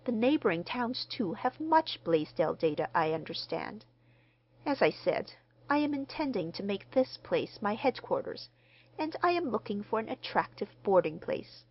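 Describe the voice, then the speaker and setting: A woman reading the part of a mild, courteous gentleman stranger who speaks formally. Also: mid-range voice, big pitch swings, moderate pace, slightly rough, dull audio, pitched above the performer's own voice. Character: mild, polite middle-aged gentleman stranger.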